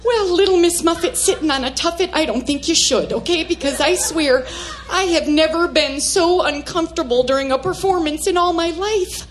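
A woman's voice: very high-pitched, normal speed, hardly any pauses. A woman comedian performing a character monologue as a prim, flustered mother with folksy sayings. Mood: prudish. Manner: prudish, folksy, escalating into manic shouting.

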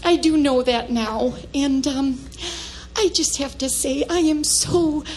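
A woman's voice: high-pitched, slow pace. A woman comedian performing a character monologue as a prim, flustered mother with folksy sayings. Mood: sheepish. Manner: prudish, folksy, escalating into manic shouting.

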